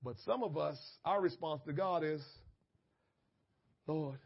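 Male pastor, fervent sermon delivery, high tenor voice, muffled lo-fi recording. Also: slow pace, vocal fry, breathy edge. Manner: fervent preaching that swings from quiet asides to shouted, tearful prayers. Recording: dull lo-fi church audio.

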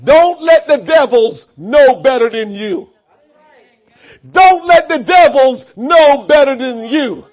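A male pastor preaching a fiery sermon, shouting fervently, with many filler sounds between phrases. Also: very high voice, expressive, slow. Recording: muffled lo-fi recording.

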